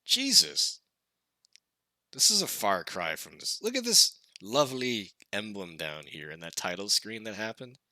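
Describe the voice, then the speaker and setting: A man's voice: on the low side, sing-song, unhurried, sharp tone, dry recording. A man reading a game aloud and reacting to it in a wry, casual way, with some swearing. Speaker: let's play host. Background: faint guitar music.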